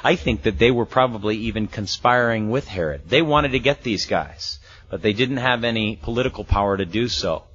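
A pastor preaches briskly and with animation, his fairly low voice bright-toned with a breathy edge. Teaching through a Bible passage one verse at a time, he keeps it conversational, chuckles a lot, and voices the story's characters, all captured on a muffled lo-fi recording.

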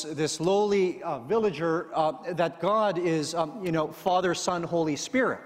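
A man voicing a flustered Orthodox priest who explains haltingly, with fumbles and fillers, how he lost. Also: sits high, long reverb tail.

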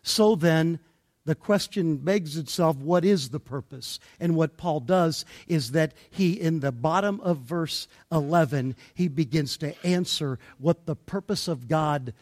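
A man preaching an expository sermon, deliberate and emphatic, pausing between phrases. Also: fairly high pitch, a little mellow. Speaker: pastor.

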